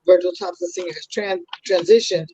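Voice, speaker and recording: A woman's voice: on the low side, a little fast, breathy edge, no echo. Older woman with a New York accent; chatty storyteller, dry, dull remote audio. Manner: chatty storyteller, lively asides. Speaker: guest. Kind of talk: casual interview chat.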